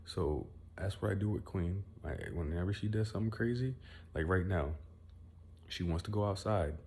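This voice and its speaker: A young man with a deep, mellow voice vents straight into his phone at home. He rambles, boasts about himself and swears as he goes. Faint room noise hums behind him. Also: normal speed. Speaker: vlogger. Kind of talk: casual venting monologue.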